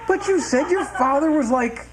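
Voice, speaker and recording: A man's voice: extremely high pitch, expressive, moderate pace, background noise, voice pushed up. A man playing a fussy, indignant office worker in his fifties, asking pedantic, exasperated questions in a comedy script reading. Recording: music playing underneath.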